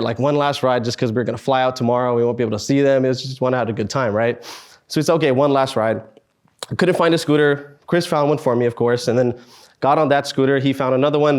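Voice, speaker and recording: At a student meetup, a man in his twenties tells a personal story with a mid-range voice. He's earnest but halting, pausing often and sighing.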